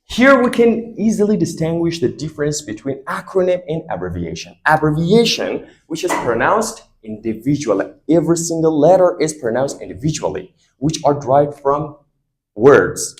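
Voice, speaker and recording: A man's voice: a little high, big pitch swings, moderate pace, slight background noise, rough recording. A man teaching an English grammar lesson, quizzing his students with repeated questions.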